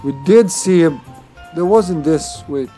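A man's voice: on the high side, slow pace, mellow, faint music behind. Chatty man streaming a game. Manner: rambling, chuckles often between thoughts. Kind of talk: casual live-stream chat while playing.

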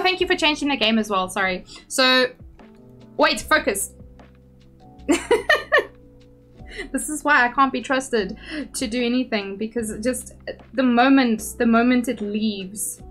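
A young woman streamer talks casually to her chat in a fairly high, bubbly voice, self-deprecating and quick to giggle. She sits at a home setup on a desk mic. Soft game music plays behind her.

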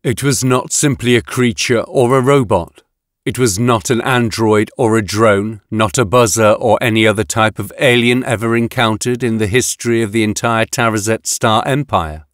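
A male audiobook narrator voicing an emotionless reanimated woman officer who speaks flatly and haltingly. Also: lowish voice, dry recording, studio quality, close to an everyday voice. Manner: flat, toneless, halting.

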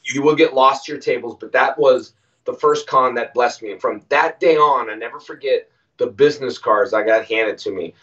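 A man as an interview guest, telling stories casually and acting out quoted lines with animated voices. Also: medium pitch, normal speed. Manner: animated, acts out quoted dialogue. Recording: distant, muffled audio.

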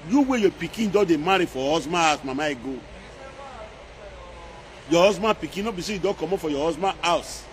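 A man's voice: a little high, slight background noise. A man speaking Nigerian Pidgin English, scolding and mocking in a repetitive social media rant. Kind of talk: scolding live-video rant.

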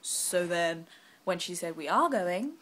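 Young woman off sick chatting to camera, rambly and self-mocking, bright lowish voice. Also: expressive. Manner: rambling and self-deprecating, quick asides. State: unwell. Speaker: vlogger. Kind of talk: casual vlog chat.

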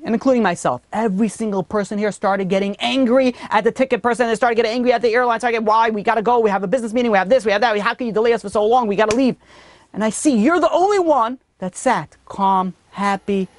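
A man's voice: sits high, no room sound. A man, a rabbi giving a storytelling Torah lecture that lifts sharply on key points.

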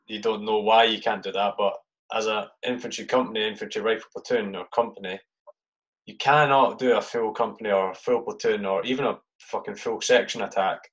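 Low-voiced man, casual podcast host. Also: a bit bright, poor audio. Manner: rambling, swears freely, many fillers. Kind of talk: casual interview chat.

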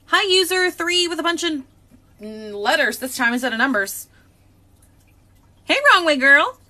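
A woman hosting a live unboxing, chatting excitedly and greeting viewers by name. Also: high voice, unhurried. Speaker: live-stream host.

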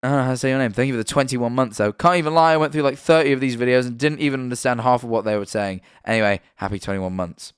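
Speaking at a racing pace with hardly any pauses, a British livestream host talks in a smooth, mid-range voice. The sound is clean studio audio with no room sound. He's chatty and animated, swears occasionally, and trips over names as he reads out subscribers.

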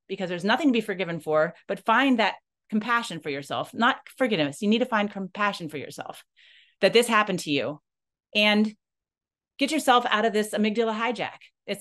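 A nonprofit leader shares her own story in an emotional monologue. Earnest and halting, she frequently restarts sentences, and her animated voice rises and falls in pitch as she goes.

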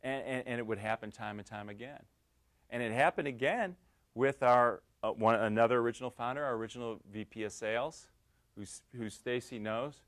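A middle-aged man giving a lecture, telling lively anecdotes and acting out the dialogue, with frequent restarts. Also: medium pitch, brisk. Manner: lively storytelling, acts out quoted dialogue, many restarts. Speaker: guest speaker.

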